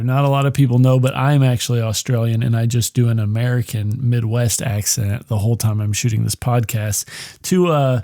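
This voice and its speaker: A man's voice: medium pitch, steady tone, a little fast, warm tone, no room sound, clean studio sound. Profane rambling male podcast host. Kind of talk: casual movie review monologue.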